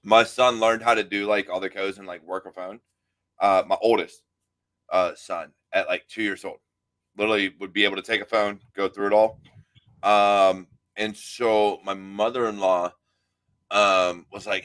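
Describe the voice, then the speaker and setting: A man's voice: lowish voice, moderate pace. Man, podcast host, casual chat, laid-back, swears, storytelling. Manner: laid-back, swears casually, tells stories with lively quoted voices. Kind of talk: casual conversation.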